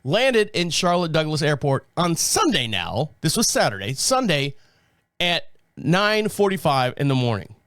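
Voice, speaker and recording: A man's voice: fairly high pitch, a little slow, no room sound, studio quality. A man hosting a podcast, telling a casual story with lots of swearing and laughter. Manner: animated, profane, laughs often. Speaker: podcast host.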